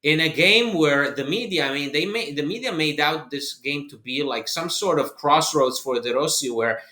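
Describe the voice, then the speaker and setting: A man with a bright, somewhat high voice co-hosting a casual sports podcast. He argues his points steadily and emphatically, sometimes restarting a phrase. The recording has noticeable room echo. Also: normal speed. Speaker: podcast co-host.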